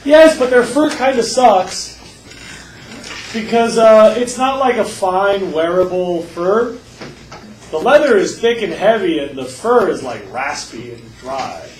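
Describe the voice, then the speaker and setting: A male teacher giving a lively classroom lecture, telling stories and acting out voices. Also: high voice, slow pace, distant mic. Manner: animated storyteller, acts out voices. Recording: echoey classroom with faint noise.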